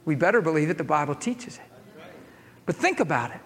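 High-voiced preacher telling a story in a hall. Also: male voice, brisk. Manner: animated, laughing, acts out voices in his story. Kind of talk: storytelling sermon.

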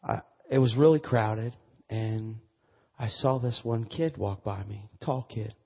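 A man preaching a sermon with a personal testimony, stumbling and repeating words, then building to loud emphatic preaching. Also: fairly low pitch, measured pace, gravelly, slightly rough, long reverb tail. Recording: muffled lo-fi sermon recording.

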